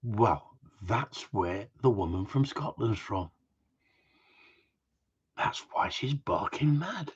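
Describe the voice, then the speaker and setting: A man's voice: on the low side, animated, slow, pauses often, husky. A man hosting a live Q&A, bantering and teasing his viewers in a rambling, joking way. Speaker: host of a live gundog Q&A stream. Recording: dull lo-fi livestream audio.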